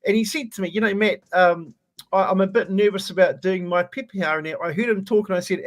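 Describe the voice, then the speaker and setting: Man, New Zealand accent, high voice, animated, self-mocking rant, casual chat. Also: fast.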